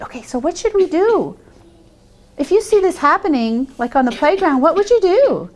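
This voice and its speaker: A woman with a high voice leads a children's TV show. She talks in a coaxing, teacherly way, asking the kids questions as she goes. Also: sing-song, moderate pace.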